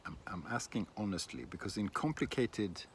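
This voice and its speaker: Low-ish guy rambling slow outside in the garden, laughs at himself, bit of wind. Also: lively intonation. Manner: rambling, self-deprecating, many restarts. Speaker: shaving vlogger. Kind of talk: casual outdoor vlog chat. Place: outdoors in a windy garden.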